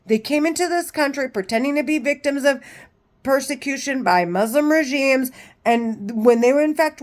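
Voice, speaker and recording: A woman vlogging in a rambling, agitated monologue full of profanity and restarts. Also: high-pitched.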